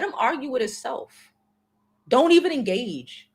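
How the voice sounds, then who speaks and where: A woman in her forties hosts a casual livestream chat, talking straight to her viewers with blunt, slang-heavy advice and the odd curse. Her voice sits a little higher than most women's. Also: lively intonation, a little slow. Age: 40s. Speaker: livestream host.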